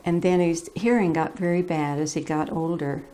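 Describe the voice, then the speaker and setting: A woman's voice: lowish voice, steady tone, moderate pace, mellow, soft background music. A woman in her eighties fondly recalling family life in a chatty manner. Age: 80s. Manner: fond, chatty, laughing. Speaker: family elder interviewee. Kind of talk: oral history reminiscence.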